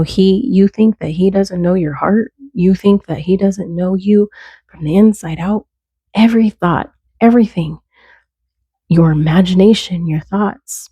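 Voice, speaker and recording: A woman's voice: lowish voice, mellow, breathy edge, no echo, highs cut off. A woman giving earnest, conversational faith encouragement, stacking short repeated phrases. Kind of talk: casual faith talk to camera.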